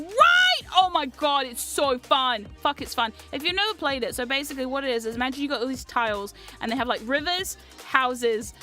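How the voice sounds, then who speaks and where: A woman's voice: high-pitched, sharp tone. A young woman streamer chatting casually and animatedly, reading chat aloud and swearing freely. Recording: faint music behind.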